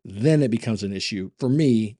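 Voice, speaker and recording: A man's voice: lowish voice, animated, moderate pace, warm tone, no echo, clean studio sound. A man who works as an acting coach, giving casual video commentary and thinking his points through aloud, often rephrasing them.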